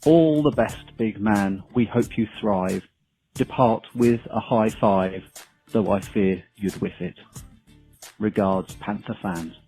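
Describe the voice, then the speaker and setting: A man with an English accent calling into a show to recite a comic rhyming farewell poem in a measured, mock-solemn way. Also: lowish voice, warm tone, soft background music, poor audio. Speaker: caller.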